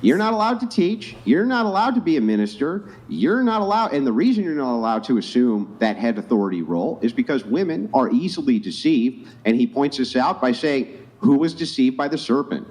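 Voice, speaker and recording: A man's voice: medium pitch, very animated, fairly quick, a little mellow. A man reading Bible verses aloud and pressing his point in an insistent, lecturing debate. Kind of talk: confrontational debate.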